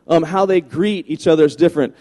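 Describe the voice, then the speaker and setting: Pastor guy from virginia cracking jokes mid sermon, kinda high mellow voice, big echoey church hall. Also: fairly quick. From Virginia, USA. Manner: chatty, joking, animated anecdotes. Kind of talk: humorous sermon storytelling. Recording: long reverb of a large hall.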